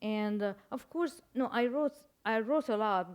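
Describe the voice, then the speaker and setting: A guest author, an older woman from Iran with a Persian accent and Persian as her native tongue, recounts stories thoughtfully in an interview, hesitating over words with a dry wit. Her voice sits on the high side and sounds smooth.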